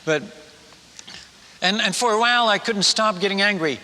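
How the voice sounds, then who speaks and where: A man telling a personal story in a sermon, chatty and animated, stumbling over restarts and asking the audience questions. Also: high voice, normal speed, a little hiss or hum. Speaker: missionary preacher. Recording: echoey hall.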